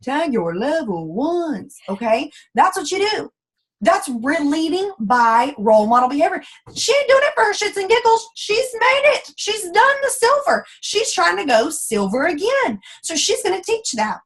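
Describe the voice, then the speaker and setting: Very high-pitched and sing-song, this team leader coaches her sales ambassadors at a moderate pace on a motivational call. She's blunt, folksy, and emphatic, down-to-earth throughout, and performs the voices she quotes.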